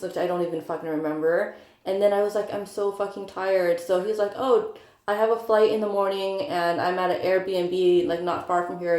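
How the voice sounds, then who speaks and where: A woman's voice: on the low side, a little mellow. A young woman telling a rambling personal story in casual chat, with lots of "like" and "um". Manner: chatty, rambling, full of likes and ums. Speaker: vlogger. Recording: echoey room.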